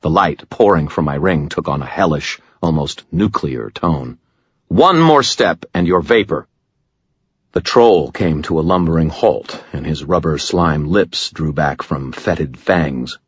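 A man's voice: rumbling low, a little slow, few pauses, breathy edge, no room sound, lo-fi sound. A man narrating an audiobook in the first person, with dry, wry storytelling.

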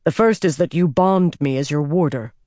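A composed, stern general who speaks in a steady, measured way with a quiet wry edge, read by a man narrating an audiobook. The sound is dry and close. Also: on the high side, dry recording, close to an everyday voice.

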